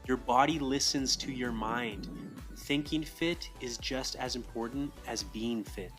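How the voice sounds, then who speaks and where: A man giving a steady motivational fitness voice-over. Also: medium pitch, a little slow, music in the background.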